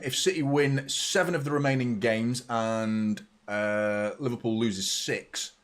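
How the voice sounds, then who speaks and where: A man hosting a live football watchalong, mixing blunt, sweary fan chatter with play-by-play. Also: on the low side. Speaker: fan channel host. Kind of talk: live match watchalong commentary.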